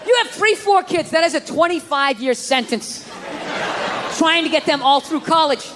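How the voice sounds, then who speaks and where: A man doing stand-up comedy, ranting and swearing with sudden shouted bursts. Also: extremely high pitch, animated, moderate pace, long reverb tail, crowd noise, noisy background.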